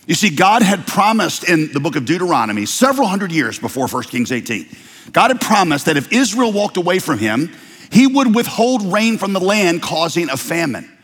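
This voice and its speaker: Man, pastor, sermon, playful storytelling, higher voice, long hall reverb. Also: normal speed, breathy edge. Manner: animated storytelling with playful asides.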